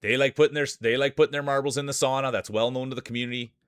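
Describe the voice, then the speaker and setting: A man streaming live, calling a marble race in joking mock sports commentary with playful hype and teasing shout-outs to viewers. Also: medium pitch, fairly even intonation, very fast, a little hiss or hum.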